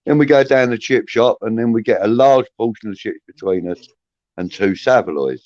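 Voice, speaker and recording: A man's voice: fairly low pitch, expressive, moderate pace, darkish tone, dry recording. Man in his fifties, casual chat, rambling anecdotes, muffled dry audio. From southeast England. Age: 50s.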